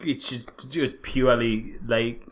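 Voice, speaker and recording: A man's voice: mid-range voice, fairly even intonation, slow pace. A man, co-hosting a casual film review chat and mocking scenes with silly character voices. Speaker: podcast co-host.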